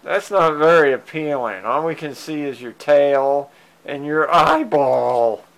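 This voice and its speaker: A man at home speaks very slowly to his cats, coaxing them and meowing back. He chuckles quietly between lines. His smooth, resonant voice is picked up by a handheld camera mic. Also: fairly high pitch, expressive. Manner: fond, coaxing pet talk, meows at the cats, soft chuckles. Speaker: cat owner filming his pets. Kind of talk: casual talk to his cats. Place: at home indoors. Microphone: handheld digital camera mic.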